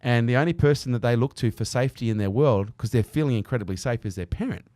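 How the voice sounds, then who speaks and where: Brief: male podcast guest, rapid and earnest, swears casually, dry close sound. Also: mid-range voice, darkish tone, no room sound. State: he is a parent. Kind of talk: candid conversational interview.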